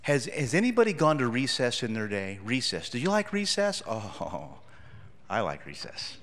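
A man's voice: mid-range voice, normal speed, big-room sound. A man giving a children's sermon in a church, telling a story and asking the children questions. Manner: animated, asks the children questions. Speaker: pastor giving a children's message.

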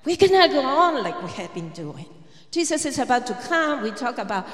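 A woman's voice: high voice, very animated, normal speed. A woman preaching at a prayer gathering. She tells a personal story in an earnest way and acts out what others said. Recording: echoey hall reverb.

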